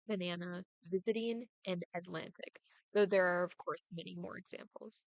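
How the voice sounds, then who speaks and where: A young woman, a student, reading her prepared class presentation aloud, deliberately overemphasizing stressed syllables in her examples. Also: medium pitch, no room sound, poor audio.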